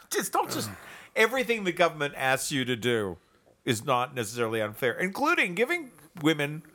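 A man co-hosting a casual political chat, talking in a profane, animated way and laughing often. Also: fairly high pitch, moderate pace. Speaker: podcast co-host.

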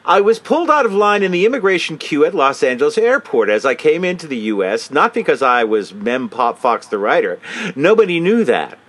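A man's voice: a little high, big pitch swings, fairly quick, a bit bright. A man hosting a comedic commentary, mocking and swearing casually while reading a statement aloud. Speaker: host.

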